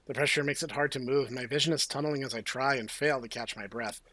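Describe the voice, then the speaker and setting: A man's voice: medium pitch, quick pace, bright, forceful tone, no echo. A man hosting a let's play, reading game text aloud with playful, jokey asides. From United States. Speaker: host.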